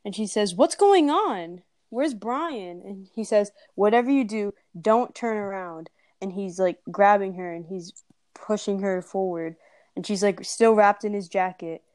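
A woman's voice: medium pitch, fairly even intonation, moderate pace, darkish tone, no room sound. A young woman casually telling a scary story to friends on a call, drawing out the sound words for effect.

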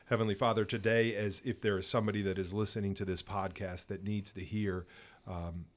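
A man's voice: fairly low pitch, level tone, a little fast. A man co-hosting a pastors' podcast, praying aloud and talking about faith in an earnest, emphatic way. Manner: earnest, emphatic, repeats words when stressing a point. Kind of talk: spoken prayer and podcast discussion.

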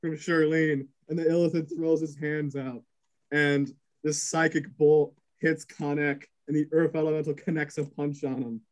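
A man's voice: a little high, level tone, rough recording. A man narrating chaos as game master of a tabletop game, cursing and filling gaps with ums. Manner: rapid, crude narration full of fillers.

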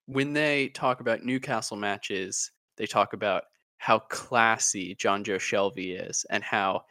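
Low-voiced guy on a football pod, sarcastic and blunt, dry close sound. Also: fairly even intonation, a little slow, sharp tone, no echo. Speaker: podcast co-host. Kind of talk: casual football chat.

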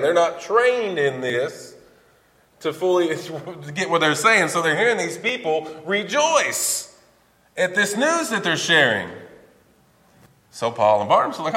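A man preaching a sermon, animated and emphatic, often repeating and restarting phrases. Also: on the high side. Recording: echoey hall with long reverb.

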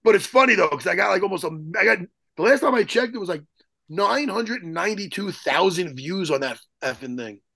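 A man telling a story as a guest in an interview, excitable and profane, rambling and restarting his sentences. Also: sits high, brisk, creaky, dry recording. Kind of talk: animated storytelling in a podcast interview.

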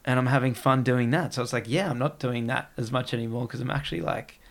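A man's voice: medium pitch, quick pace, creaky, crowd noise. A man in casual podcast chat, rambling and peppering his talk with "like". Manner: rambling, heavy use of "like".

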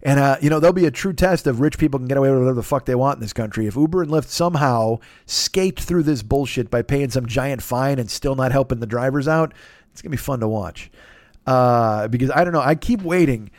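A man's voice: mid-range voice, fairly quick, a little mellow, dry recording, studio quality. A middle-aged man hosting a comedy podcast, ranting casually in a sarcastic, profane and rambling way.

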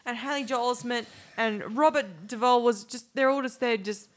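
A middle-aged woman co-hosting a casual film chat, with a fairly high voice. She talks frankly, laughs often and acts out other people's voices when she quotes them. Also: moderate pace. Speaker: podcast co-host.

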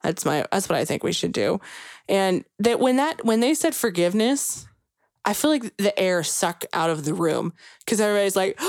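A young woman chatting casually as a podcast co-host, her mid-pitched voice recorded close and dry. She tells stories in a loose, rambling way, leaning hard on "like" and "you know," and gushes when something moves her. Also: lively intonation, moderate pace, no room sound. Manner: chatty, filler-heavy storytelling full of "like" and "you know"; gushing and emotional when recounting sad moments. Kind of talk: casual chat.

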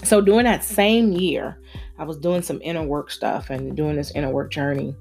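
Woman, forties, low voice, candid storytelling, acts out quoted voices, close to tears. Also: fairly even intonation, normal speed, creaky, a little mellow, faint music behind. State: holding back tears. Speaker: speaker sharing a personal story. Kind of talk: heartfelt personal storytelling.

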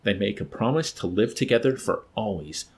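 A man voicing an earnest, lovestruck young man who rambles and pleads incoherently, with a husky voice. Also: on the low side, lively intonation, moderate pace, a little mellow. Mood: pleading.

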